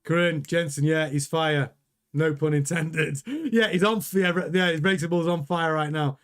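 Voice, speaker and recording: A man with a somewhat high voice runs a casual live watchalong stream. He chats loosely with his viewers, rambling and cutting himself off to restart sentences as he reacts to the action. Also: fairly even intonation, moderate pace, a bit bright. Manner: chatty, rambling, self-interrupting. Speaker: livestream host reading chat.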